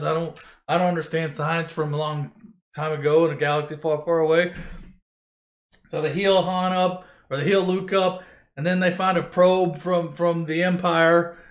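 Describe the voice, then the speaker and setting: High-pitched guy doing a foul-mouthed, loose comic movie recap in a roomy space. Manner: crude, rambling, swears constantly, mimics characters loosely. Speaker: storyteller. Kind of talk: profane comedic movie retelling.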